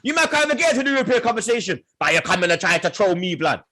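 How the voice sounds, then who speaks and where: Young guy trash talking football rivals, high husky voice, loud, keeps laughing. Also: very animated, rapid-fire. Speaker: football podcast host. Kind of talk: heated banter.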